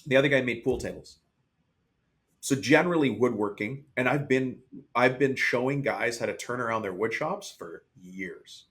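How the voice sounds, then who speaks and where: A man with an ordinary middle-pitched voice talks candidly in a podcast interview. He is a business coach who tells stories and slips into other people's voices in quotes. His delivery is relaxed and conversational. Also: normal speed.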